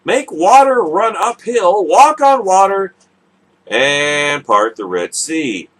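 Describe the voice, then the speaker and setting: A male radio host drawls through a sarcastic political monologue at an unhurried pace. His voice is husky and sits a little high, and it swings widely in pitch as he mocks his targets. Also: very animated, a bit bright. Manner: sarcastic, mocking.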